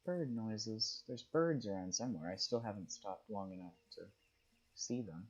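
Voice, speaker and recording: A young man with a low, husky voice chats casually while he plays. He muses aloud and reads passages off the screen. The recording sounds dull and lo-fi. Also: expressive, normal speed. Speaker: gaming streamer. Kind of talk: casual gameplay commentary.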